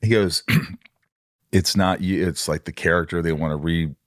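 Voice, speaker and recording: A middle-aged man with a very low, deep voice recounts a story in a casual interview, slipping into quoted voices with real animation. The sound is dry and close, with no room around it. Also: unhurried, no echo. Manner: animated, acts out quoted dialogue. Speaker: podcast host.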